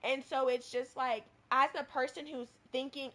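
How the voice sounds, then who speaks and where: Woman, high voice, casual co-host, animated storyteller. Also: normal speed. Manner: animated, acts out quoted people. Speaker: podcast co-host.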